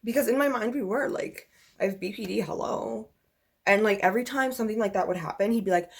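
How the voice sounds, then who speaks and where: A woman's voice: medium pitch, quick pace, creaky, husky. Young woman vlogger, mid-range voice, rambling casual chat, blunt and profane, filler-heavy delivery. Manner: venting, exasperated.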